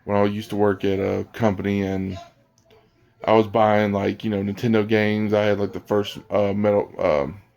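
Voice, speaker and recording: Low-voiced man ranting casually. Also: flat delivery, moderate pace, vocal fry, darkish tone. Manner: rambling, blunt, with frequent restarts and fillers. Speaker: gaming vlogger. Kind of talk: casual rant to camera.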